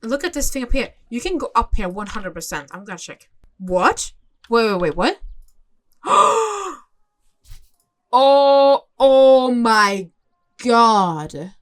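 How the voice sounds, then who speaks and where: A young woman hosting a gaming channel, giving casual gameplay commentary with expressive, exclaiming reactions as she thinks aloud. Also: mid-range voice, normal speed.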